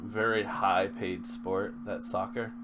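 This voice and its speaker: A man's voice: lowish voice, level tone, slow pace, a loud crowd. An American man hosting a podcast, asking curious questions and joking, laughing often. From United States. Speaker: podcast host. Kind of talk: casual chat.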